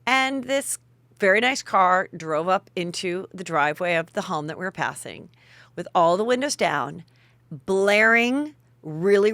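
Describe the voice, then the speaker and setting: A woman's voice: fairly low pitch, dry recording. A middle-aged woman hosting a podcast, telling a story casually and acting out the people in it. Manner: animated, acts out the people in her story. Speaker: podcast host.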